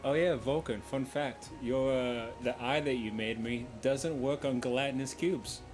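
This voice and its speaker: A man's voice: mid-range voice, normal speed, darkish tone, soft background music. A man playing a tabletop game, chatting casually and rambling with lots of fillers. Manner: rambling, full of "like". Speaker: player.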